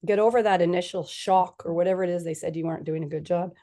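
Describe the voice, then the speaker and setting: This woman speaks quickly in a steady, mellow, lowish voice. She's a physician appearing as a guest in a conversational podcast interview, animatedly performing the dialogue she quotes.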